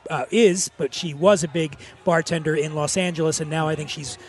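A man with a notably high voice hosts a casual chat outdoors at a festival. He jokes and banters quickly with his guests, in the easy tone of a regular show host. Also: steady tone, slightly rough.

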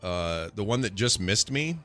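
A man's voice: fairly low pitch, animated, a little slow, sharp tone, faint music behind. A man playing a tabletop game, chatting casually and thinking aloud as he works out his rolls. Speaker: player.

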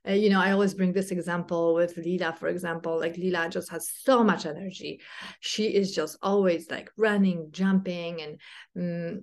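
Podcast mom, thirties, low-pitched, halting and heartfelt. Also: female voice, a little mellow. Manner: hesitant, many fillers and restarts; earnest and heartfelt. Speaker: podcast host, mother. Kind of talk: casual reflective monologue.

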